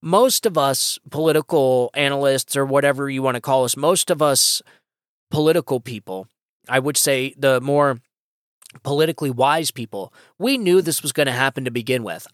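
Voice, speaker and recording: A man's voice: mid-range voice, brisk, fairly bright tone, dry recording, clean studio sound. A man hosting his own political podcast, delivering an impassioned, emphatic solo opinion monologue that rambles with frequent restarts. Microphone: podcast microphone.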